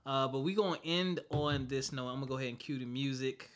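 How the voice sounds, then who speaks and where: A man's voice: mid-range voice, quick pace, over music. A young adult man, co-hosting a casual podcast chat, joking and making asides as he reads facts aloud. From South Carolina. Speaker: podcast co-host.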